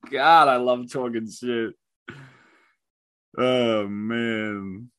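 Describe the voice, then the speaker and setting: A man's voice: mid-range voice, fairly even intonation, very slow, pauses often, a bit bright, smooth, dry recording. A man hosting his own podcast and ranting about online comments, heated, profane and mocking. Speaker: podcast host.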